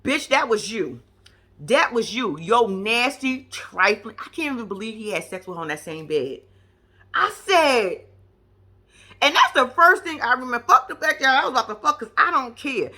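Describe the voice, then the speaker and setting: A woman giving brash, profane, animated commentary on a reality show. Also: fairly high pitch, moderate pace. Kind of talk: casual reaction commentary.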